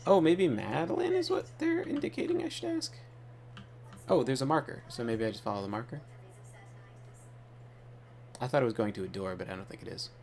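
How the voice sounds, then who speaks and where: A man's voice: mid-range voice, big pitch swings, brisk, creaky, pauses often, darkish tone, a little hiss or hum. A man hosting a gaming channel, telling rambling, offhand stories while he plays. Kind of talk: casual gaming commentary.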